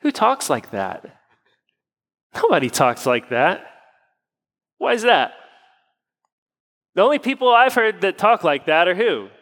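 A man's voice: high voice, very animated, measured pace, pauses often, fairly bright tone, big-room sound, low-quality recording. A man, a pastor leading prayer and then preaching in a conversational way full of rhetorical questions. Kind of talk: prayer and sermon. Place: church sanctuary.

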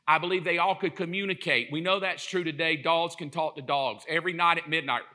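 A male pastor preaching a sermon in an animated, joking storyteller's way, acting out little quotes as he goes. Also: on the high side, fairly quick.

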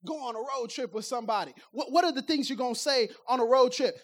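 A woman with a high voice preaches a sermon like a conversation. She throws rhetorical questions at her listeners and slips into acted-out bits of everyday talk, laughing now and then between points. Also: fast. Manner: acts out everyday speech to make points.

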